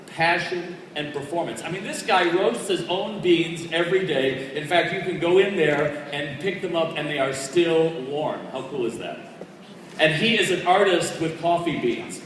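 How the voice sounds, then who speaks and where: Brief: lively male keynote speaker, slightly high voice, recorded from far off with a faint room hum. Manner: energetic, punchy, conversational delivery. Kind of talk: motivational storytelling speech. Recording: distant echoey hall recording.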